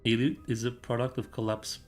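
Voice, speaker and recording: A man's voice: mid-range voice, flat delivery, a little fast, faint music behind. A man streaming a story game, chatting casually with his viewers and reading the game's dialogue aloud in a rambling, easygoing way. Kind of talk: casual gameplay commentary and story read-aloud.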